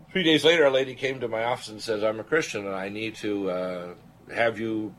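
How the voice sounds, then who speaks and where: In a lowish voice with slight background noise, an older Canadian radio host tells a story from his own life. His delivery is earnest and animated, and he acts out the voices of those he quotes.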